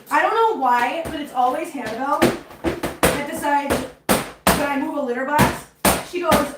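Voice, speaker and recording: A woman's voice: a little high, moderate pace, roomy sound, low-quality recording. A woman chatting casually on a home livestream, talkative and emotional, fretting openly. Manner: chatty and emotional, anxious about her cat. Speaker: cat-owning live streamer. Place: home with many cats.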